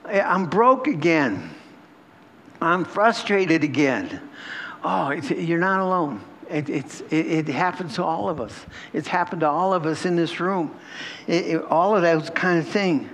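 A male pastor preaching to his congregation, his voice sitting a bit high for a man. He talks in a loose, conversational way, laughing often and repeating his phrases. A faint hum of room ambience runs behind him. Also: lively intonation, a little slow, a bit bright. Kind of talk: sermon. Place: church hall with a congregation.

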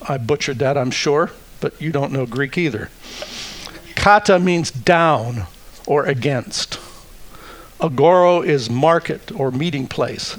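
A male pastor preaching a sermon, deliberate and emphatic, with wry asides. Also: on the high side, animated.

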